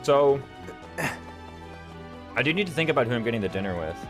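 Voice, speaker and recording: A brisk man with a medium-pitched voice and big pitch swings offers casual commentary while streaming a strategy game. His Southern US accent drops consonants, and he rambles and thinks aloud over the game music.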